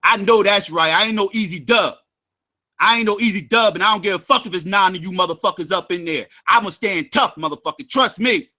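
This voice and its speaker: A man hosts a livestream and rants heatedly at people who opposed him, often shouting and dropping into mocking sing-song taunts. His voice sits high and sounds hard-edged and forceful. He hammers his points home by repeating the same phrase again and again. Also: a little fast. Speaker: livestream host. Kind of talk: angry profane rant.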